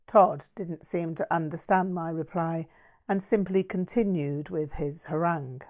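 Woman, memoir narration, dry wit, unhurried, lowish voice. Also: steady tone, a little mellow. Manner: dry, wry, measured. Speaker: audiobook reader. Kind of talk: first-person memoir narration.

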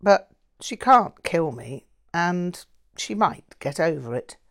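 A woman reading the lines of a calm, patient young man in an audiobook, speaking in a reasoned, gently firm way. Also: lowish voice, slow pace, full character voice.

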